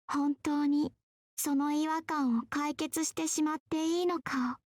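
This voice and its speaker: A woman's voice: high voice, steady tone, brisk, no room sound, lightly acted. A woman voicing a small, aloof young girl in a visual novel game, cool, composed and a little teasing.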